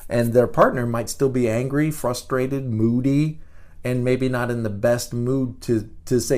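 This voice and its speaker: A middle-aged man hosting a podcast, giving a casual talk as a teacher, animated and often repeating words. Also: mid-range voice, a little slow. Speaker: podcast host.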